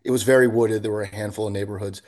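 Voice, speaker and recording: Relaxed, low-voiced man. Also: very fast. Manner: relaxed, easygoing storytelling. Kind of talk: casual chat.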